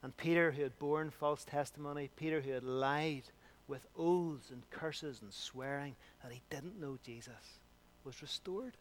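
A man preaching a sermon with emphatic delivery, rising loud and dropping to a hush. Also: a little high, unhurried, slight background noise.

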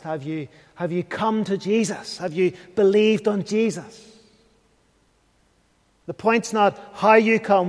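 A man delivers an evening sermon in a high, light voice, earnest and searching as he puts questions to his listeners. He sometimes sinks almost to a whisper. The sound carries a long reverb, as if from a large church hall. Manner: earnest, questioning, drops to a near whisper at times. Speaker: preacher.

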